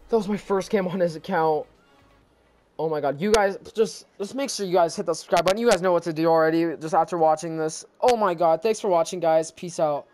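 A man giving excited gameplay commentary as a gaming YouTuber, stumbling over his words and repeating exclamations in disbelief. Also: high voice.

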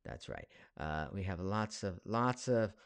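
A man's voice: low-pitched, animated, a little slow, gravelly, clear, resonant tone, dry recording. A man in his forties, a voice actor, chatting casually on a live stream from his home studio, reading viewer questions aloud with lots of fillers. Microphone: studio mic.

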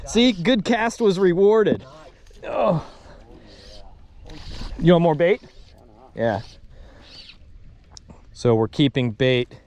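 A man's voice: medium pitch, darkish tone, a little hiss or hum. A man hosting his own fly fishing videos, talking in a casual, joking way and laughing often. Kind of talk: casual vlog narration and on-river banter.

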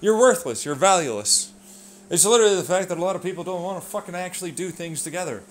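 A man in a rambling, profane vlog rant that swings between low muttering and loud outbursts. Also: racing, a little hiss or hum. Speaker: vlogger. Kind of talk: ranting monologue.

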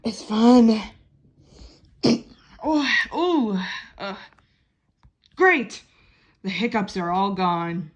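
A woman's voice: mid-range voice, very animated, drawn-out words, long pauses. A woman hosting a children's puppet show, talking in a playful, chatty way. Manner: playful, chatty, sings along.

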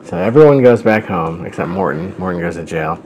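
A man's voice: deep voice, lively intonation, brisk, darkish tone, a little hiss or hum, poor audio. A man hosting a show, reading a story aloud with wry, amused commentary. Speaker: host.

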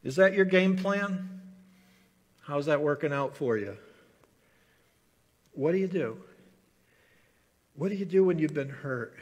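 A man's voice: medium pitch, long reverb tail. A man pastor preaching a sermon in earnest, acting out prayers and the voice of a bitter person. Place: church sanctuary.

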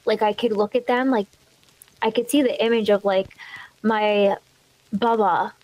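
A woman's voice: medium pitch, fairly even intonation, measured pace, darkish tone, no room sound, poor audio. Earnest woman in podcast chat.

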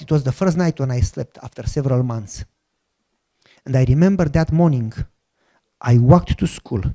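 A man preaching a personal testimony in a language that is not his first. He acts out prayers with strong emotion in a slightly high voice. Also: warm tone. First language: not English. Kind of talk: sermon testimony storytelling.

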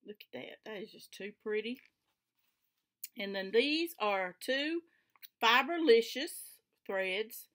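A woman's voice: on the high side, expressive, takes it slowly, fairly bright tone. A woman with a Southern US accent chatting casually to camera from her home craft room, homey and enthusiastic. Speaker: flosstube vlogger.

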